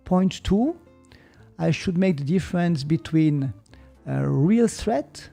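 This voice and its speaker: Gravelly man with a Swiss German accent. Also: on the high side, takes it slowly, soft background music. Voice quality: searches for words, mixes in German. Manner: calm, explanatory, hesitant. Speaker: guest. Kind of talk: reflective podcast conversation.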